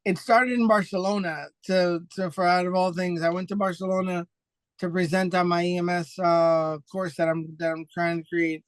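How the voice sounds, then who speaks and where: Excitable high-voiced man telling stories. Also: clear, resonant tone, no echo. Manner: animated storyteller, acts out quoted voices; quick and excitable, restarts often. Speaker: podcast guest, foundation founder. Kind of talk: casual interview chat.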